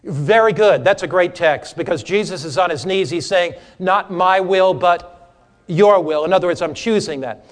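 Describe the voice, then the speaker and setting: A man teaching an interactive sermon to a church audience, humorous and animated, quizzing listeners for Bible verses. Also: on the high side, big-room sound. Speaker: preacher teaching a seminar. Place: church or hall before a live audience.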